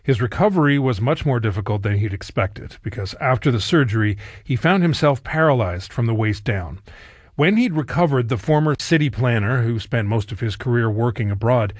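A man presenting a news item on the radio in a measured, formal scripted read. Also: mid-range voice, dry recording, clean studio sound. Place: radio studio.

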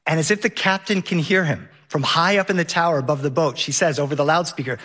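A man telling a lively personal story on stage, vivid and laughing along the way. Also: fairly high pitch, fast talker, hardly any pauses.

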